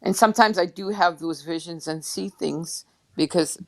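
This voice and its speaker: A woman guest speaking slowly and softly over a video call, emotional and near tears as she reflects between pauses. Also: fairly low pitch. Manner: slow, soft and reflective, with pauses. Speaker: guest drum singer. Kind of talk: heartfelt testimony on an online panel.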